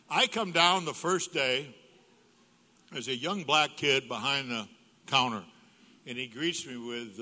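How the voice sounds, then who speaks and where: Preaching as a guest in a church sanctuary, an older man with a mid-range, sharp-toned voice tells funny stories and plays out dialogue with large vocal leaps. The reverberant hall echoes around his humorous sermon.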